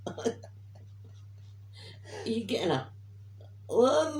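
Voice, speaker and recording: A woman telling a lively family story in a casual chat, acting out what she said. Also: medium pitch, very slow, long pauses, roomy sound, far from the mic, slight background noise. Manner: animated, mimics her own commands.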